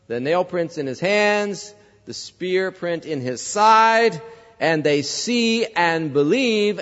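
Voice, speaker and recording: A man's voice: high voice, big-room sound, lo-fi sound. A male pastor preaching a sermon, conversational, telling a story and asking the congregation questions. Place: church.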